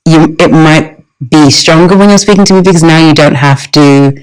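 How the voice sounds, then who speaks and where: London woman chatting on a podcast, thoughtful relaxed tone, fairly low voice. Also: normal speed, clean tone, rough recording. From Stockwell, London, England. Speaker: guest, actor and singer. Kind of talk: casual interview chat.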